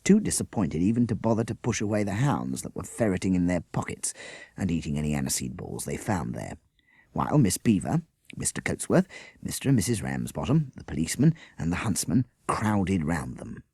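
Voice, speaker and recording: A male storyteller reading aloud, his low voice husky and gravelly. He swings his pitch widely as he narrates. The recording is dry and close. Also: brisk, dry recording. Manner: lively, expressive reading. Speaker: audiobook reader.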